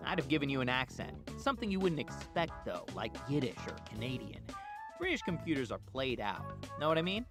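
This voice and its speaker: A wisecracking young henchman, voiced by a man in a story game, sarcastic and bouncy in his intonation. Clear music plays under the line. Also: medium pitch, sing-song, a little fast, close to an everyday voice.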